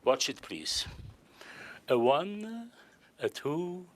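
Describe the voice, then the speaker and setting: Older male stage magician, animated and teasing, slightly high voice, faint room noise. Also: extremely slow. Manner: playful, courtly and joking with volunteers. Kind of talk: live magic performance patter.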